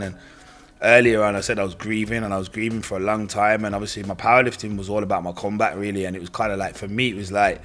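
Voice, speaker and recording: A man's voice: on the low side, a bit bright. A young man telling his own story in casual, slangy speech, acting out what others said to him. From Britain. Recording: faint music behind voice.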